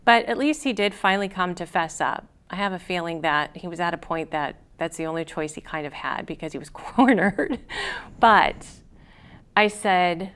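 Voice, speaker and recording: A woman's voice: fairly low pitch, normal speed, a bit bright, smooth. A woman, a confidence coach and show host, telling a personal story in an earnest, encouraging way. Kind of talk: casual storytelling to camera.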